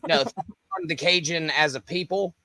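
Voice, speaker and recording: A man's voice: a little high, a little slow, bright, forceful tone, no echo. A man co-hosting a podcast, throwing out crude, teasing wisecracks full of swearing. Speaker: podcast co-host. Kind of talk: casual podcast chat.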